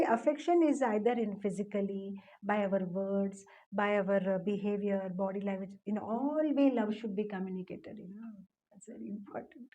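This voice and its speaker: A woman's voice: medium pitch, low-quality recording. A middle-aged woman giving a conversational devotional talk, full of fillers, answering a question. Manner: conversational, many fillers, tells a story. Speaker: spiritual teacher.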